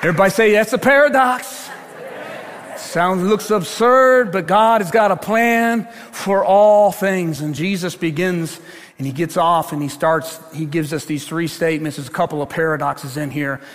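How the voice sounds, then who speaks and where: An older man preaching a sermon as pastor, telling stories with animated swings from loud to hushed. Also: fairly high pitch, unhurried, some chatter behind. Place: large church. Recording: long church hall reverb.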